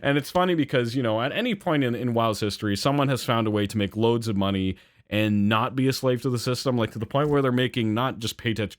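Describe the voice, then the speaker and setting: A young man telling a story in a casual rant, rambling and animated, with swearing and frequent fillers and self-corrections. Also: mid-range voice, fast, no echo, clean studio sound. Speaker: channel host.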